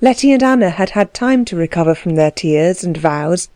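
Woman, audiobook narrator, measured storytelling, mellow voice, dry recording. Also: fairly low pitch, lively intonation, no echo. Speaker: audiobook reader. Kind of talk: scripted narration.

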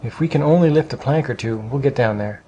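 A man's voice: medium pitch, quick pace, dark tone, lo-fi sound, slight background noise, lightly acted. A man reading aloud, voicing a bossy, scheming farm boy with a commanding, urgent manner in a storybook.

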